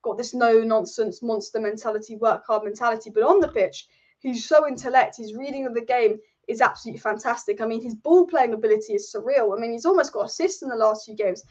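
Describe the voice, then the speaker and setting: A woman's voice: on the high side, quick pace, a little mellow, highs cut off. A woman hosting a football livestream from her room, talking bluntly, swearing freely and repeating herself. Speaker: football channel host. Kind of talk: casual livestream chat.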